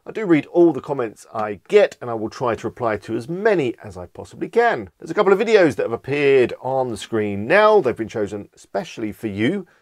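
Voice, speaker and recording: A man hosting a screen-recorded software tutorial, talking casually and thinking aloud as he clicks through each step. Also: medium pitch, very animated, brisk, hardly any pauses, no room sound, studio quality. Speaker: tutorial host.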